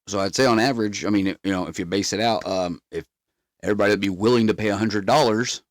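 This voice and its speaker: A man's voice: fairly low pitch, fast, no echo. A man, rambling through stories in a casual chat as podcast host. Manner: rambling storyteller, drawling, swears freely.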